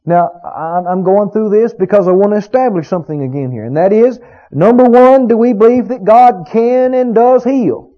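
A man's voice: high-pitched, moderate pace. A man preaching a sermon, emphatic and full of rhetorical questions to his congregation. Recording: dull lo-fi recording.

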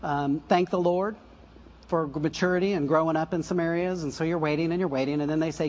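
An older man preaching a conversational sermon, full of asides and self-corrections and soft laughs at his own stories. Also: on the high side, fairly even intonation, a little fast, dull audio, slight background noise. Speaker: pastor.

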